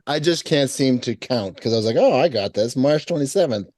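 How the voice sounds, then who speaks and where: A man's voice: medium pitch, lively intonation, a little fast, darkish tone, dry recording, studio quality. Laughing, joking male podcast host. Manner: laughing, joking, restarts a lot. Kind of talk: casual chat.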